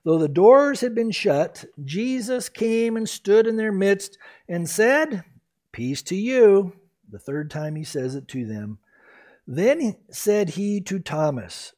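A pastor preaching a sermon in an earnest, exhorting, emphatic way. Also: male voice, a little high, expressive, measured pace, darkish tone.

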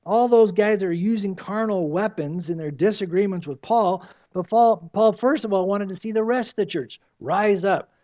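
An older man preaching in a loose, conversational way, often dropping into little acted voices to make a point. His voice sits high for a man. The recording sounds dull and lo-fi. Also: normal speed, hardly any pauses, warm tone. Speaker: pastor. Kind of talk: sermon.

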